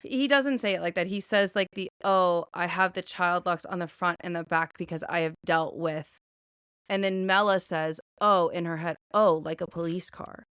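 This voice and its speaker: A woman's voice: fairly low pitch, normal speed, fairly bright tone, smooth, no room sound, clean studio sound. A woman co-hosting a podcast, chatting casually about a book and retelling scenes with lots of filler words. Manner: chatty, retells scenes with many likes and restarts. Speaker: podcast co-host.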